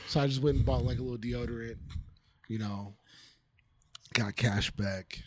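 A man's voice: mid-range voice, moderate pace, pauses often, no room sound. A man telling a wild story in casual chat, laughing and acting out what people said. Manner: animated, laughing, acts out quotes. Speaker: podcast guest telling a story.

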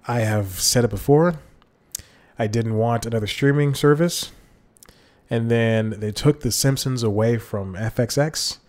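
Alone at his desk mic with headphones on, this podcast host chats in a mid-range, slightly mellow voice. He rambles in a relaxed way, tossing in chuckling asides and frequently stopping to correct himself.

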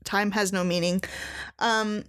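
A woman co-hosting a casual book-chat podcast, chatty and quick to laugh. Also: mid-range voice, fairly even intonation, a bit bright. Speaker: podcast co-host.

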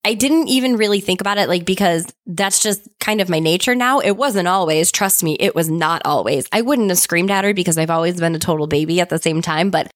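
A woman in her thirties giving casual, earnest advice, telling stories in an animated way. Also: fairly low pitch, brisk, hardly any pauses, dry recording, studio quality. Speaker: manifestation vlogger.

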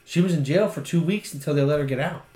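A man's voice: fairly high pitch, fast talker, warm tone, reverberant. A man with an Ohio accent, a podcast co-host telling a long story in casual, profane chat and laughing often.

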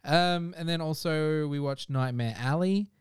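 A man, chatting about movies in a relaxed way with many fillers. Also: on the high side, unhurried, smooth, no echo, studio quality. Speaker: podcast co-host. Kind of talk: casual chat reviewing movies.

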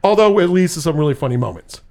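A man with a high, lively voice that swoops up and down hosts a casual movie chat. He talks in a loose, profane way and jumps into quick impressions while retelling scenes. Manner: animated, profane, quotes scenes in put-on voices. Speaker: podcast host.

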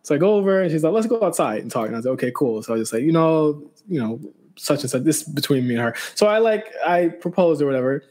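A man's voice: a little high, sing-song, fast talker, darkish tone. A young man co-hosting a podcast, telling a story in casual chat with many restarts and quoted back-and-forth. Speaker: podcast co-host.

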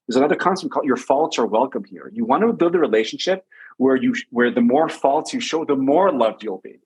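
This man's voice has a husky, slightly breathy grain. He sits at a middle pitch and works through relationship advice in an animated storytelling way, often repeating his phrases for emphasis. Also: low-quality recording. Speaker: relationship coach guest. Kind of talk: conversational advice.

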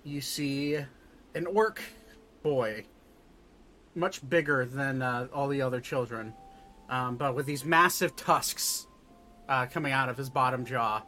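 A man narrating a tabletop role-playing game as game master, in a slow, meandering way full of ums and uhs. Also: mid-range voice, bright, forceful tone, slight background noise. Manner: slow and meandering, with many fillers.

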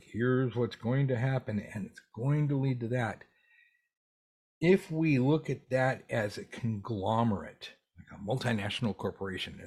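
A man teaching a live tarot workshop, answering viewer questions in an animated, casual way with jokey asides and some swearing. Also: fairly low pitch, slightly rough.

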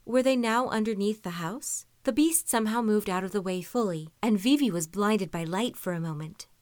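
A woman narrating a story in an even, measured reading voice. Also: mid-range voice, dry recording, studio quality. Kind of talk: audiobook-style story reading.

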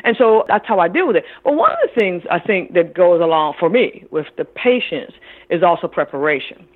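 A middle-aged woman talks as an interview guest, full of lively stories where she acts out the people in them. Her voice comes through a thin, tinny phone line. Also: on the low side, a little fast. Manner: animated storyteller who acts out other people's voices. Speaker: author and caregiver guest. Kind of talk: interview conversation.

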